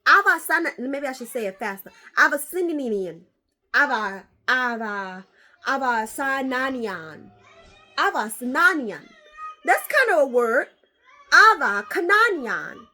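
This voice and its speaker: A woman vlogger chatting casually as she opens card packs, animated and swearing freely. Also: sits high, measured pace. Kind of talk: casual chat.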